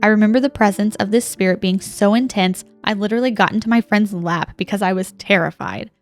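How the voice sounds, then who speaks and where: Soft music plays behind a podcast co-host, a young woman with a mid-range voice who talks a little fast. She dramatically narrates a ghost story sent in by a listener, gasping and laughing as she goes.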